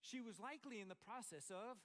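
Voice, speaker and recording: A man's voice: high voice, brisk, fairly bright tone. An older man from Montana preaching a sermon, explaining scripture in a conversational, storytelling way with asides. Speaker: pastor.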